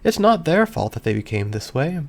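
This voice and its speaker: Pinkie Pie, gentle lilting pony mare, as a man puts her on. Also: fairly high pitch, very animated, fairly quick, gravelly, heavily acted. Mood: gentle coaxing. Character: cheerful gentle pony mare, kindly coaxing.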